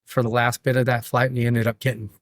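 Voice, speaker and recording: A man, a podcast guest, tells a lively story in casual chat, laughing and acting out what others said. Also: mid-range voice, quick pace, no room sound, studio quality. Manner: animated, laughing, acts out quotes. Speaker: podcast guest, brewery owner.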